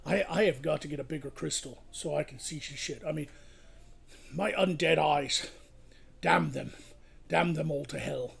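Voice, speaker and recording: A man doing a gravelly, vain undead lord. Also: fairly high pitch, moderate pace, pauses often, heavily acted. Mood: flustered. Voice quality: gravelly, raspy. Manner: boastful and sweary. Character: vain, foul-mouthed undead male lord. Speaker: host. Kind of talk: live comedy stream.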